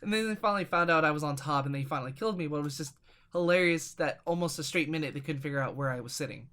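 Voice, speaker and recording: A man's voice: on the high side, fast talker, bright, forceful tone. A man co-hosting a casual gaming podcast, telling long rambling stories with lots of fillers and restarts. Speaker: podcast co-host.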